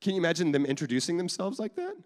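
Pastor preaching in a reverberant hall. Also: male voice, on the high side, huge pitch swings, rapid-fire, a little mellow, a little hiss or hum. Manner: conversational, jokey, repeats and restarts often. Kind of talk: sermon. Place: church sanctuary.

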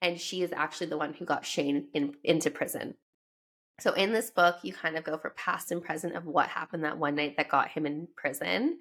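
A young woman with a Canadian accent talks through a head cold as she hosts her book podcast. Her voice sits a little low, and her talk is loose and chatty, full of laughs and tangents. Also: fairly even intonation, fairly quick, fairly bright tone, husky. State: sick with a cold. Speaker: podcast host. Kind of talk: casual podcast chat.

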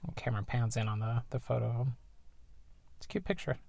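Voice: mid-range voice, steady tone, fairly quick, creaky, dark tone. A game streamer giving rambling, casual commentary while playing and reading the story aloud. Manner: chatty, rambling, self-correcting. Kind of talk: casual let's play commentary.

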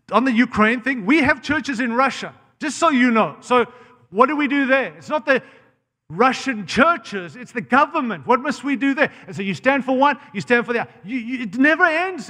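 An American man preaches with a fairly high voice, blunt and impassioned. He often cuts himself off mid-phrase and restarts. His voice rings out with a long reverb, as if in a large church hall. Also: pushed and bright. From United States. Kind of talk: sermon.

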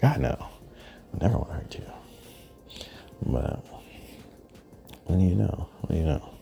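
A man with an extremely deep, gravelly voice and a dark, mellow tone, rambling through a profane monologue. He often sinks into hushed, breathy asides. Faint music sits underneath. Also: animated, normal speed. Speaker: podcast host.

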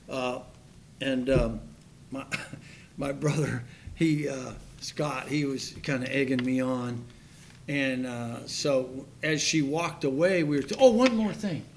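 A pastor with a medium-pitched voice preaches a sermon in a folksy, storytelling style, acting out the voices of the people in his stories. There's a little hiss or hum on the recording.

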